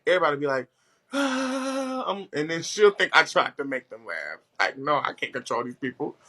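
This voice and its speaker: A man hosting a casual chat, telling stories in a loud, profane, animated way with big jumps in pitch. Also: fast talker. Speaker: host.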